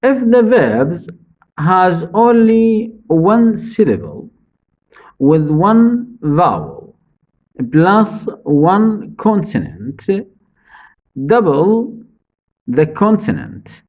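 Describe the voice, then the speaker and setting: A man teaching English spelling rules, speaking slowly and deliberately, repeating each rule for his students. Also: wildly swooping pitch, darkish tone, dull audio. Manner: stresses key words, drops low at phrase ends. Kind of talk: slow spelling-rule lesson.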